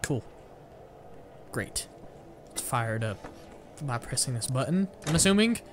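With game music in the background, a young gamer chats his way through a shooter, rambling and joking about himself while frustration bursts out. His mid-range voice is expressive and unhurried, and there is slight background noise.

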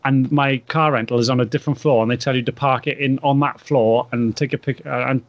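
A man telling a funny anecdote in a casual, animated way, laughing as he goes. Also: medium pitch, brisk, dry recording. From England. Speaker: podcast guest, wedding photographer. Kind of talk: casual storytelling.

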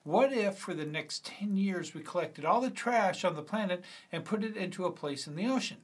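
Male reader voicing an earnest schoolboy, slightly raised pitch. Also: lively intonation, normal speed, husky. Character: teenage schoolboy, eager and earnest. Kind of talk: screenplay reading.

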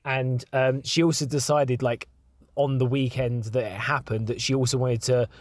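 Man, storyteller, mid-pitched and dry-miked, loose, filler-heavy delivery. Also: little pitch movement, moderate pace, no room sound. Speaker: story contributor. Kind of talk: recounting a personal story.

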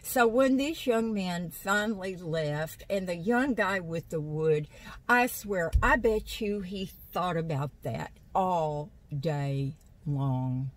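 A woman vlogger chats to her viewers from a vehicle parked in a parking lot, rambling through stories and laughing often. Her voice is fairly low and slow, captured roughly by a phone on a stand.

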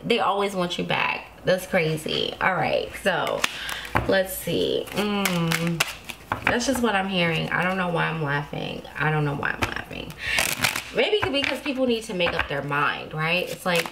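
A woman's voice: fairly low pitch, very animated, measured pace, gravelly, heavy background noise. A woman giving a casual tarot reading to her viewers, chatty and reassuring, often laughing to herself. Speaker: tarot card reader.

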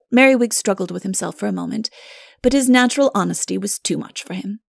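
A woman's voice: medium pitch, fast talker, creaky, no echo, studio quality. A woman narrating a storybook audiobook and acting out the characters in turn. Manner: acts out each character. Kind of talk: storybook reading with character voices.

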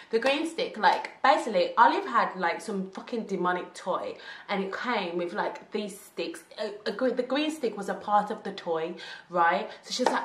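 A young woman, telling a storytime vlog tale in animated, slangy talk with laughs. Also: medium pitch, normal speed. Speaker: vlogger. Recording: roomy echo.

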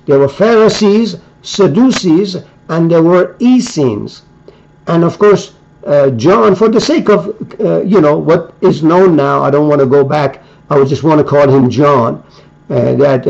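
Slow, gravelly man lecturing. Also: fairly high pitch, darkish tone. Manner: halting, many fillers, slow deliberate reading. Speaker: preacher. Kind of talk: religious lecture reading scripture. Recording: dull lo-fi recording.

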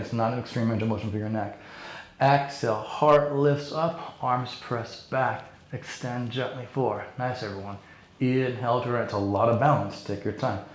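A man leading a yoga class, giving calm, encouraging cues and counting through the poses. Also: medium pitch. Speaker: yoga instructor. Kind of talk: guided yoga class instruction. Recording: very echoey room.

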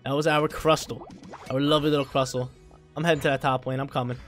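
A young man, a college student, giving live gameplay commentary in a slangy, excitable way that bursts into loud hype. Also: medium pitch, fast talker, faint music behind. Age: young adult. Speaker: gaming video creator.

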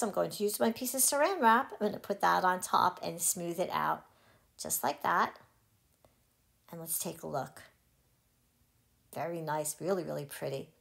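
A woman's voice: on the low side, vocal fry. A woman hosting a craft tutorial, cheerfully talking viewers through each step. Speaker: crafting channel host.

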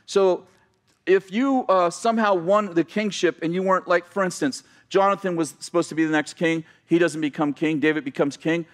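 Chatty pastor, man with a slightly high voice. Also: steady tone, moderate pace. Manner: conversational storytelling with asides and self-corrections. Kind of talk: sermon.

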